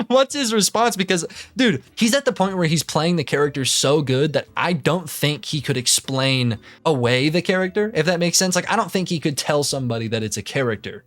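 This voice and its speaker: A man's voice: a little high, animated, moderate pace, a bit bright, soft background music. A young man in his twenties doing casual reaction commentary, ranting in an exasperated way with plenty of swearing, stammered restarts and laughter. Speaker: commentary YouTuber.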